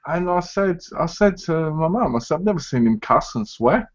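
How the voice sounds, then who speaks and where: A man's voice: a little high, expressive, moderate pace. Chatty man hosting a live chat, lo-fi. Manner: chatty, acts out other people's lines as he talks. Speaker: live stream host. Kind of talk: casual chat. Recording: dull lo-fi stream audio.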